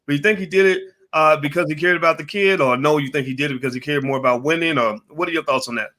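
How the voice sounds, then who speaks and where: A man hosting a casual online panel discussion, animated, putting questions to his panelists and to the chat. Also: fairly high pitch, fast. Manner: animated, asks the audience for yes or no votes. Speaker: host of a panel show.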